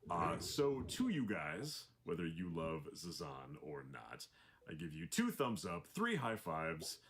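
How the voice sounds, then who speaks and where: A man's voice: low voice, slow, very noisy. A man voice actor giving a playful, wry video message with a joking manner. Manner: playful, wry, animated delivery. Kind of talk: casual recorded message.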